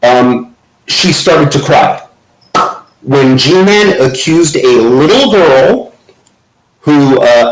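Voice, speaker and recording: Slow sarcastic man in echoey room. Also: mid-range voice, lively intonation, slight background noise. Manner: mocking, sarcastic, keeps saying okay. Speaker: host. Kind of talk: commentary over clips.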